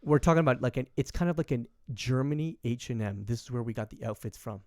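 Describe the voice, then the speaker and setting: A young man from Canada telling a story in casual podcast chat, rambling with many fillers and animated quoting. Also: medium pitch, fast talker, no room sound, clean studio sound. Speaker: podcast host.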